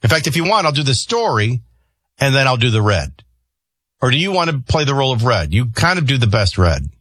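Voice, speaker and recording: Lively husky radio host. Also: male voice, medium pitch, a little fast, no echo, studio quality. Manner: animated storyteller, jumps between voices. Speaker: radio morning show host. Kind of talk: casual on-air chat.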